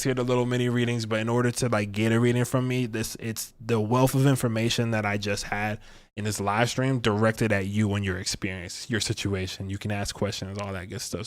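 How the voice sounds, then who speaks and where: A man giving a casual livestream astrology and tarot reading, rambling and chatty with lots of slang. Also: lowish voice.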